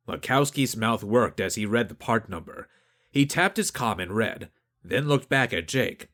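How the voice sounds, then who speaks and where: A man narrating a science fiction audiobook in an expressive storytelling manner. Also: fairly low pitch, normal speed. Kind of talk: scripted narration.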